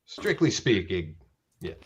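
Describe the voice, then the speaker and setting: A man running a tabletop role-playing game as dungeon master, talking in halting bursts with many restarts. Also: deep voice, very animated, husky.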